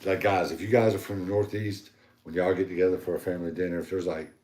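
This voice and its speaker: A man's voice: low voice, steady tone, quick pace, a little mellow, reverberant. A man with a Southern accent from North Carolina, co-hosting a podcast in casual chat, rambling with many fillers. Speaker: podcast co-host.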